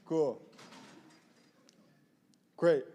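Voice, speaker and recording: A young man giving a lively lightning talk, joking with the audience and pushing them into call-and-response. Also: extremely slow, lo-fi sound. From southeast side of Chicago. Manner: playful, rallying crowd call-and-response. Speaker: community organizer speaker. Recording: reverberant hall, live talk.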